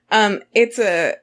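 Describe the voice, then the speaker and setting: A woman co-hosting a podcast in casual chat, reacting with giggles and animated remarks. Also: a little high. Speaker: podcast co-host.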